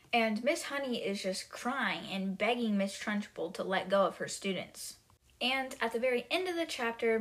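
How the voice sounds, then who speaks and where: On her podcast, a female host with a mid-range, fairly bright voice gives a casual recap of book chapters. She chats through them loaded with filler, leaning on "like" and "she's like" again and again.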